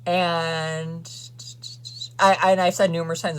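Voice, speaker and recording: A man's voice: on the high side, little pitch movement, quick pace, a bit bright. A young man venting to camera in a sassy, profane, ranting way, as a vlogger. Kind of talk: casual rant to camera.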